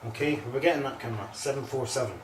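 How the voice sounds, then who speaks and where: A man acting as a medium on a ghost hunt, giving halting, searching readings and often repeating himself. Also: medium pitch, roomy sound, far from the mic, background noise. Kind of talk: psychic readings on a paranormal tour.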